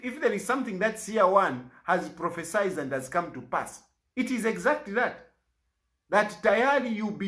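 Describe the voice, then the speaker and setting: Zambian guy pleading his case, voice swooping up and down a lot, middle-aged. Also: fairly bright tone. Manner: pleading, rises and falls sharply in pitch. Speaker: opposition party leader. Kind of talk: impassioned public statement.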